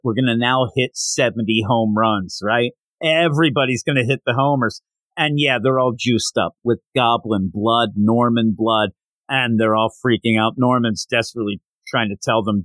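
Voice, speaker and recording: A man hosting a podcast, casually recapping a comic issue and jumping into quick, animated voices for the characters' lines. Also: medium pitch, dry recording. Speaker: podcast host.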